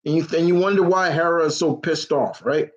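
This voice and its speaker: A man's voice: on the high side, steady tone, brisk, dull audio. A young man hosting a casual live question-and-answer stream, rambling and blunt, swearing freely. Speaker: host answering viewer questions.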